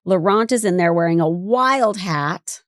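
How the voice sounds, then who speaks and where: A woman's voice: on the low side, animated, a little slow, dry recording, studio quality. A woman in her forties co-hosting a podcast, talking in a candid, wry way and sometimes mimicking others. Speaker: podcast co-host. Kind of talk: casual podcast rewatch chat.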